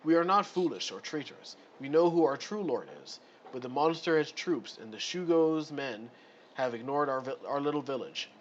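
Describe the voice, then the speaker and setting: A man's voice: on the high side, lively intonation, normal speed, lo-fi sound, slight background noise, lightly acted. A man reading out the lines of a formal elderly village man from an adventure module, in stiff formal phrasing. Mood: grave.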